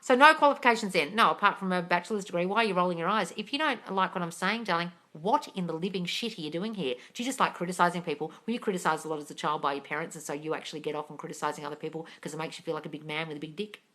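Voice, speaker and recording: A woman's voice: lowish voice, very fast, hardly any pauses, bright, forceful tone. Blunt, sweary woman on a livestream. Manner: blunt, swears freely, calls everyone darling. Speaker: manifesting coach answering live comments. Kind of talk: livestream Q&A reading comments.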